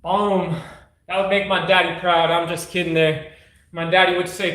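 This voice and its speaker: A man's voice: sits high, flat delivery, moderate pace, fairly bright tone, reverberant. A man streaming a casual live workout, mixing hyped, joking, profane chatter with soothing exercise cues. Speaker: fitness streamer.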